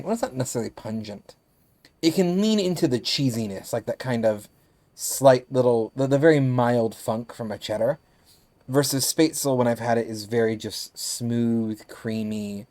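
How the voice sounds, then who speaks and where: A man's voice: mid-range voice, a little mellow, no room sound. A man with a lisp, a game streamer from the United States, chatting casually with his viewers and thinking aloud with restarts as he plays. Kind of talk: casual chat with stream viewers while gaming.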